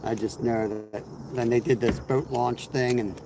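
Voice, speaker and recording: Over a backdrop of outdoor cricket and insect noise, a man with a gravelly, medium-pitched voice talks at a normal speed with fairly even intonation. He's fishing on a livestream, rambling in a relaxed way and replying to the chat.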